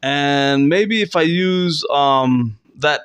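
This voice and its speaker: Man, higher-pitched voice, rambling, self-mocking, improvised comedy monologue. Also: very slow, a bit bright, clean tone. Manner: rambling, self-mocking, with sudden squeaky fake sobbing. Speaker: comedy vlogger. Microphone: close to camera.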